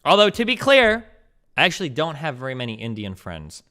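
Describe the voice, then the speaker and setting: A man streaming, ranting casually about food with profane, animated, opinionated talk full of "like" fillers. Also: on the high side, brisk. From United States. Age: 30s.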